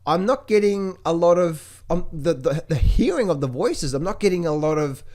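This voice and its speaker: A man talking casually about markets to viewers, animated, repeating words and mimicking other people's voices. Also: fairly high pitch, normal speed. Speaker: trading educator. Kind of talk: casual market commentary to camera.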